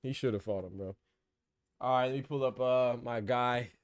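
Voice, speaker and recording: A man's voice: medium pitch, moderate pace, smooth, dry recording. A man hosting a casual boxing podcast livestream, talking loosely in slang and laughing often. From Florida.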